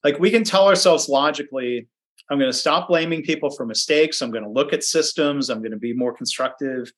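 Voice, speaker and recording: A man's voice: on the high side, fairly quick. Chatty man giving a webinar talk. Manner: chatty, with frequent ums and restarts. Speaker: webinar presenter. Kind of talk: conversational presentation. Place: home office.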